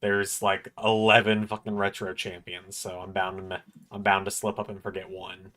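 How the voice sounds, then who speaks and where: A man's voice: deep voice, flat delivery, moderate pace, sharp tone. A man hosting a casual livestream watch-along, joking and swearing freely. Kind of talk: casual live commentary.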